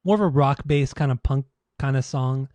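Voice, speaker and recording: Mellow, rambling podcast co-host man. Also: medium pitch, normal speed, no room sound. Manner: relaxed, rambling, filler-heavy. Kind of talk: casual chat.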